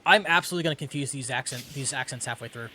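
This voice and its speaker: Streaming a game over its music, an American man chats casually with his viewers and reads dialogue out loud. His mid-range voice moves very fast against a noisy background.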